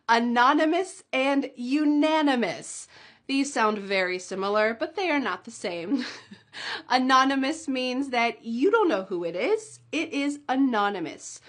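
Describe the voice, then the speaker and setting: A woman teaching English pronunciation at an unhurried pace, stretching each model word out so learners can repeat it. Her voice sits a little high, and small light laughs come between the drills. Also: fairly bright tone. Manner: slow, drawn-out model words with light laughs. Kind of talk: pronunciation lesson.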